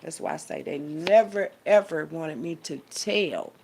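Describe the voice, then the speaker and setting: A woman's voice: sits low, a little slow, gravelly, a little mellow, slight background noise. A woman talking casually and rambling to her viewers, reading aloud. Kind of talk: casual monologue.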